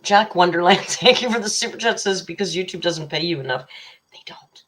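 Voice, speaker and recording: A woman's voice: lowish voice, fairly quick, a bit bright. A woman hosting a casual livestream. She reads out viewers' super chats and rambles chattily, teasing and laughing often. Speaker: livestream host. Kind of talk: casual live chat reading super chats.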